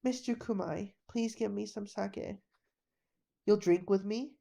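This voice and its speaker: Brief: woman playing a soft-spoken boy, slow, mellow, earnest. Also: medium pitch, gravelly. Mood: sad, soft. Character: teenage boy, earnest and dutiful.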